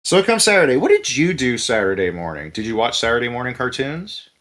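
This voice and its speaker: A man telling a story in casual podcast chat, animated and profane, acting out the people he quotes. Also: medium pitch, fairly quick. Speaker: podcast host.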